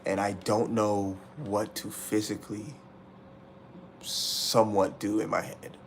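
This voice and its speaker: A man's voice: on the low side, little pitch movement, slow pace, slight background noise. A young man livestreaming from indoors, venting raw and profane to his chat, upset and frustrated, repeating himself as he rants. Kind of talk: emotional livestream rant to chat.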